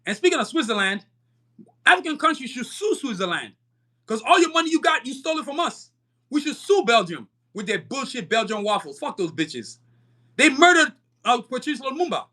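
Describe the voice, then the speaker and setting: A young adult man hosts a live-stream podcast, delivering a fiery, profane, emphatic monologue and often stumbling through repetitive restarts. His voice is extremely high-pitched, very animated, bright and forceful, at normal speed.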